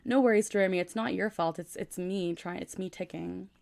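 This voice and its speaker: Her voice is lowish, creaky and darkish, and she talks briskly. She's a woman in her twenties keeping quiet while she reads comments and chats casually on a nighttime livestream from her room, using a gaming USB microphone.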